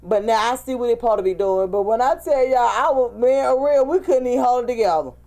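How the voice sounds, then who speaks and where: Animated woman telling funny stories. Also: on the high side, fast talker. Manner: animated storytelling, acts out quotes. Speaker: co-host. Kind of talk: casual chat.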